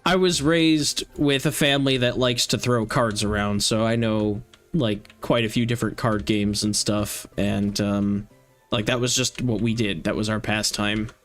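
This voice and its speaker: A man's voice: fairly low pitch, steady tone, a little slow, a bit bright, soft background music. Rambling young man chatting on stream. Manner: rambling, with lots of "like" fillers. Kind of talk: casual chat while streaming a game.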